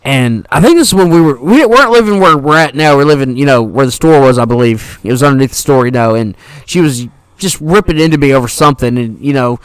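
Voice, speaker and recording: A man's voice: medium pitch, animated, fast, few pauses, clean tone, dry recording, poor audio. A young man co-hosting a podcast, telling a rambling, profane story in casual chat. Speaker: podcast co-host.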